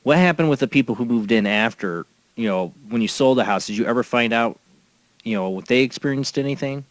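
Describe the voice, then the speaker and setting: A man's voice: medium pitch, fairly quick, dry recording. Dry-sounding male podcast host. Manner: relaxed, short reactions and questions. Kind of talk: casual interview chat.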